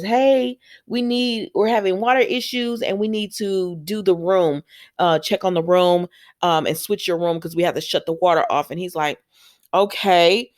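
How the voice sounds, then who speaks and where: Chatty woman recapping her soap, lots of um and you know, jumps way up when she quotes people. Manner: chatty retelling, acts out quotes with big pitch jumps; says "um" and "you know" a lot. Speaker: soap opera recap vlogger. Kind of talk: casual chat.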